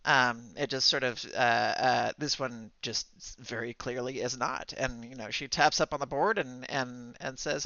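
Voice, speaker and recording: A man running a tabletop game as game master, narrating in a halting way with many fillers and restarts. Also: mid-range voice, fairly even intonation, vocal fry, pushed and bright, no room sound, dull audio.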